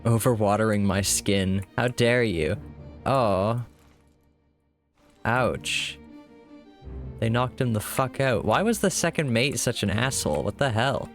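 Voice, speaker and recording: A man with a fairly low voice gives casual live commentary as he plays a game. He talks back to the characters with wry, offhand jokes and swears freely. Faint music plays behind him. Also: lively intonation, slow pace, pauses often. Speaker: game streamer.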